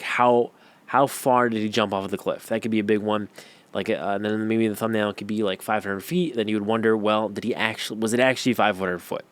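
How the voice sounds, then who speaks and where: A young man giving a casual tutorial, talking loosely with many ums and restarts while sketching on screen. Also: on the low side. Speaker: YouTube growth course teacher.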